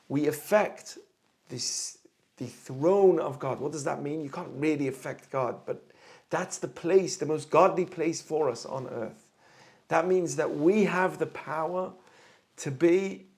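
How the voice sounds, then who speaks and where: Middle-aged male rabbi, earnest teacher, higher gravelly tone. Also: darkish tone. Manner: earnest, explains with everyday examples. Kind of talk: torah class talk.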